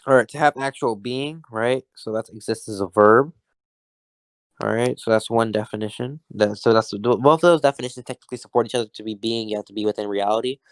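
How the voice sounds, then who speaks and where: A man arguing in an online debate, halting and hesitant, often stopping himself mid-sentence. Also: on the low side, no echo. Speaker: debate opponent.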